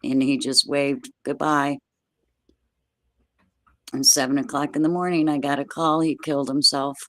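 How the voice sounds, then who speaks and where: A woman's voice: low voice, normal speed, dry recording. Older woman telling a family story, dry. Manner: plain, steady storytelling with everyday dialect grammar. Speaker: guest.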